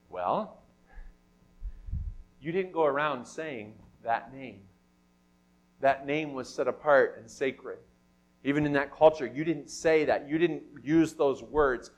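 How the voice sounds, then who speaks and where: A male pastor delivers a sermon in a church hall. His voice sits high and swings widely, from hushed, thoughtful lines to loud, pressing questions. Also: a little slow. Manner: animated preaching, rising to loud emphatic questions.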